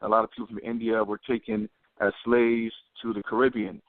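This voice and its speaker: A man's voice: lowish voice, little pitch movement, a little fast, no room sound. A man co-hosting a podcast, telling a long story full of quoted dialogue. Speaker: podcast co-host. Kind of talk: casual storytelling. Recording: tinny phone line.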